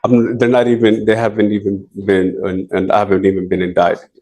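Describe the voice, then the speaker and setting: A man speaking as a defendant in a courtroom, pleading his case in halting, rambling sentences full of restarts. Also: lowish voice, monotone, dark tone.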